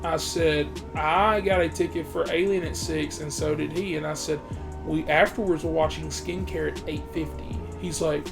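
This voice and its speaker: A man's voice: fairly high pitch, steady tone, normal speed, vocal fry, over music. A man reviewing a movie in a heated, profane rant, talking straight to his viewers. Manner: heated, swears heavily, talks straight to viewers. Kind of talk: profane ranting monologue.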